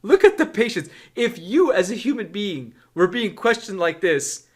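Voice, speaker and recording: A man's voice: sits high, big pitch swings, normal speed. A man reading scripture aloud and explaining it, talking in an emphatic way that keeps checking in with the listener. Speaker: Bible teacher. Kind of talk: Bible reading with commentary.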